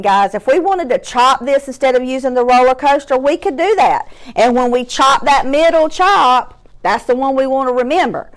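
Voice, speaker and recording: A woman with a voice that sits high teaches young children a phonics lesson. She breaks words into slow, clearly separated sounds and encourages them along.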